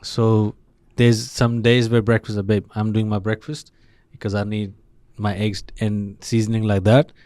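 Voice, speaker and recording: A man from India with a lowish voice, telling stories from home life in a podcast chat. He gets emphatic and curses freely as he warms up. The sound is dry and close. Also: moderate pace, few pauses, no room sound. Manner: emphatic, swears when animated. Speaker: podcast guest. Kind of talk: casual conversation.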